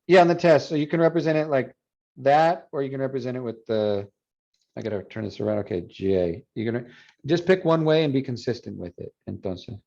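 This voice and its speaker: A man teaching a phonetics class review, explaining and repeating words slowly to model pronunciation. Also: medium pitch, gravelly, warm tone. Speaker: Spanish phonetics instructor. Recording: dull lo-fi classroom recording.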